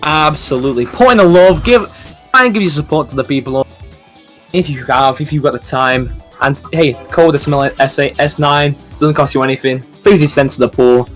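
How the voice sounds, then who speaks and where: A man giving rapid play-by-play commentary on a fighting game match. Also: fairly high pitch, faint music behind. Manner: rapid play-by-play, rising excitement. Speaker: esports commentator.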